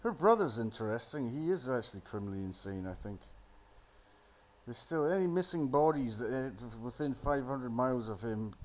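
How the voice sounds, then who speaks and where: A man's voice: medium pitch, animated, moderate pace. Sardonic man mocking a movie. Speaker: solo commentator. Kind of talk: rambling movie commentary. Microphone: phone.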